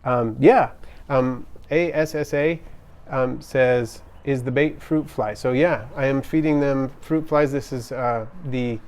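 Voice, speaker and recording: A man's voice: medium pitch, takes it slowly, few pauses, a little mellow. A man hosting a casual pet livestream from home, chatting upbeat with viewers and reading their comments aloud with frequent ums and restarts. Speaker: livestream host. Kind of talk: casual live-stream chat, reading comments. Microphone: camera on tripod.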